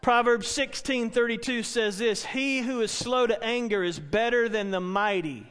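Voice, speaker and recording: A middle-aged Baptist pastor preaching a sermon in earnest, repetitive phrases, asking the congregation questions in a church. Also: male voice, extremely high pitch, normal speed, a bit bright, clean tone. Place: church sanctuary. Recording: long hall reverb.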